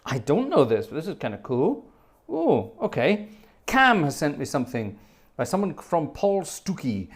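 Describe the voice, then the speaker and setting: Hosting his live stream, a fifties-aged organist chats easily, reads out messages from viewers, and drifts into wry, rambling tangents. He talks at normal speed, his on-the-high-side voice swooping wildly in pitch.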